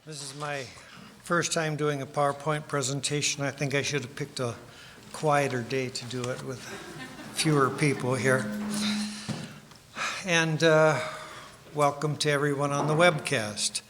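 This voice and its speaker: A man giving a sermon with slides, unhurried and self-deprecating, with small restarts. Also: a little high, flat delivery, a bit bright, a little hiss or hum. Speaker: speaker giving a split sermon. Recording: long hall reverb.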